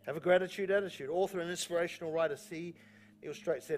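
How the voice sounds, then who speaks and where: A man's voice: a little high, fast, a little hiss or hum. A male pastor preaching a sermon in church, repeating key phrases with emphasis and telling jokey stories. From New Zealand. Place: church auditorium.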